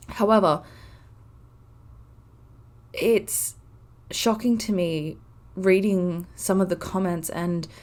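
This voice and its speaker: A woman's voice: lowish voice, a little mellow. A woman in her twenties hosting a casual solo podcast, talking earnestly and from the heart with frequent "like" fillers. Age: 20s. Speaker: podcast host.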